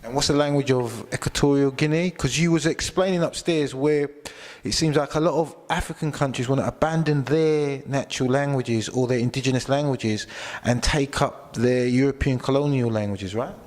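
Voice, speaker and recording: A man, interviewing a guest at an event in a lively, emphatic, chatty way. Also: mid-range voice, normal speed, in a large hall. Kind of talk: event interview for online channel.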